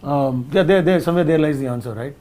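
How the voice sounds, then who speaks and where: A man's voice: on the high side, quick pace, dark tone. A man with an Indian accent, a film director talking casually in an interview, thoughtful and full of restarts. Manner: thoughtful, rambling with many restarts and asides.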